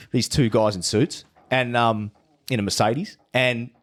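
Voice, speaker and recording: A man's voice: medium pitch, fairly even intonation, takes it slowly. A man who is a podcast guest tells his story in casual chat. He swears freely and often restarts his sentences.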